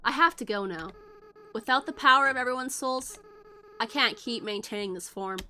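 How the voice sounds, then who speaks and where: A woman reading the lines of a young goat-monster boy in a game, soft and halting, remorseful and tender. She sounds close to her everyday voice. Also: a little high. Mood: tender farewell. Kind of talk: reading game dialogue aloud.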